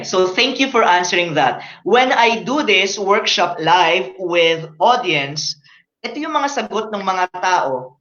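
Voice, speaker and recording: A man with a Filipino accent giving an online happiness workshop, earnestly explaining research and pausing with fillers. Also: high-pitched, fairly bright tone, roomy sound. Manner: earnest, reads research aloud, frequent fillers. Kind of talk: online workshop talk mixing English and Tagalog. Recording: slightly dull lo-fi audio.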